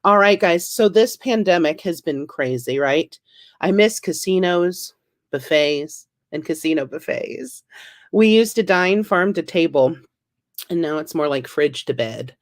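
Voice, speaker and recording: A woman's voice: fairly low pitch, expressive, a little slow. A woman in her thirties doing a stand-up comedy set, wry and self-deprecating, with punchy delivery.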